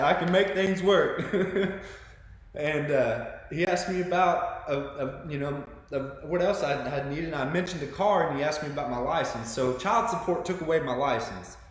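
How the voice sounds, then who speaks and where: A man, telling his own story in an earnest, excitable monologue full of restarts. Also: on the high side. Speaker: vlogger sharing his story. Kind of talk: emotional personal monologue. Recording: very echoey room with long reverb.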